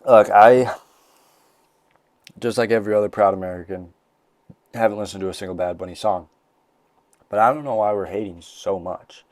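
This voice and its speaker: Rambling young man, low dry voice. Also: moderate pace, long pauses, dry recording. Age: young adult. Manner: rambling, jokey, full of restarts. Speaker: podcast host. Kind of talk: casual comedic monologue. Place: college bathroom. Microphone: desk mic.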